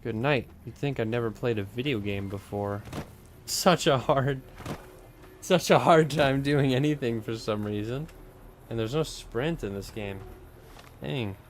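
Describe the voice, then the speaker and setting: A man's voice: medium pitch, unhurried, a little hiss or hum. A man streaming a video game, casually commenting in a joking, self-mocking way and laughing often. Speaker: streamer and voice actor.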